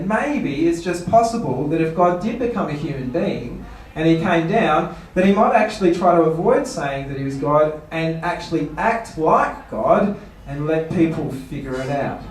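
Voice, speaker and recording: Man preaching a seminar talk in a big echoey hall, mic set well back, fairly high voice. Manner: rhetorical questions, playful mock quotes. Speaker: pastor. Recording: echoey room, voice from far off.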